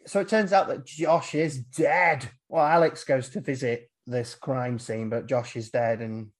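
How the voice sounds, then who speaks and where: A man's voice: medium pitch, unhurried. Guy hosting a movie podcast, rambly, lots of ums, does little voices for quotes. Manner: rambling, with fillers and acted-out quotes. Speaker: podcast host. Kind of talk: casual film chat.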